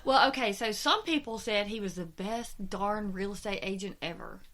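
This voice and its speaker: Woman, true-crime podcast co-host, animated and profane, casual storytelling. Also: medium pitch. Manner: animated, swears freely, quick rambling retelling.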